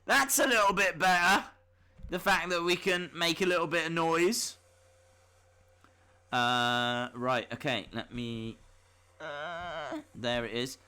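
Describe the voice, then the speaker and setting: A man hosting a live stream, giving chatty reaction commentary with bursts of excitement and muttering to himself between remarks. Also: a little high, takes it slowly, pauses often, clean tone. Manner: mutters to himself while fiddling.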